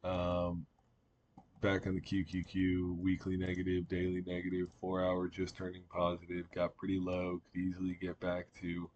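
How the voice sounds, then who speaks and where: Low flat-voiced man rambling over charts. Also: normal speed, highs cut off, slight background noise. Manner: rambling, many fillers and restarts. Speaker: market analyst. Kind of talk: casual trading chart commentary.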